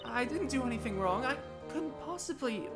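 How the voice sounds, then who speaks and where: A woman voicing a frightened, gentle young woman on trial, who speaks timidly with stammers. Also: high voice, expressive, moderate pace. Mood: pleading. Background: game music.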